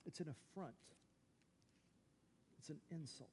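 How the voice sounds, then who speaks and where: A man's voice: a little high, unhurried, darkish tone, a little hiss or hum. A man preaching a sermon as pastor, emphatic and full of rhetorical questions. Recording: long reverb from a large hall.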